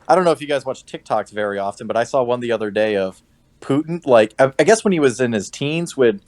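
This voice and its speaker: A man co-hosting a casual podcast chat, telling stories in a relaxed way with plenty of fillers. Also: mid-range voice, fast talker. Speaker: podcast co-host.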